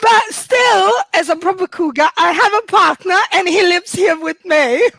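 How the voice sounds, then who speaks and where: A woman's voice: very high-pitched, normal speed, vocal fry, fairly bright tone, no room sound. A woman in her forties with an Italian accent, doing a chatty, self-mocking stand-up set over a video call from home and laughing through her lines. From Italy. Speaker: stand-up comedian.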